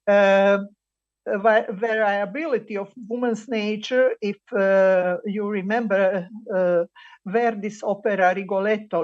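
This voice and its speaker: A woman presenting a paper at an online colloquium, pausing often with fillers as she reads out quoted examples. The sound comes through a video call. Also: mid-range voice, steady tone, a little mellow, dull audio. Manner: halting, many filler pauses while reading quotes. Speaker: conference speaker. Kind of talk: academic presentation.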